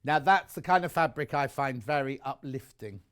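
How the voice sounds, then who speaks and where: A man's voice: mid-range voice, animated, normal speed, a bit bright, clean tone. A man presenting on a live shopping channel, chatty and enthusiastic, rambling into personal asides between prices.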